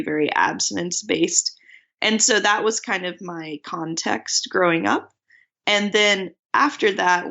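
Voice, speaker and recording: A startup founder from Tennessee, a woman, telling her story as a guest in a remote interview, relaxed and measured. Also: fairly low pitch, vocal fry. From Tennessee, USA. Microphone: remote line. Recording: dull lo-fi remote line.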